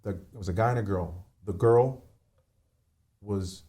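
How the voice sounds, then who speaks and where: A man on a remote call telling a painful personal story, halting, with many fillers and restarts. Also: fairly low pitch, mellow. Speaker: podcast guest.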